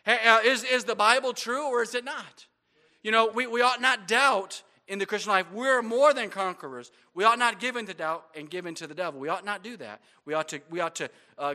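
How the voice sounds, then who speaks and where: A man's voice: sits high, pushed and bright. A man preaching a sermon as pastor, with frequent amens and repeated stumbles on words.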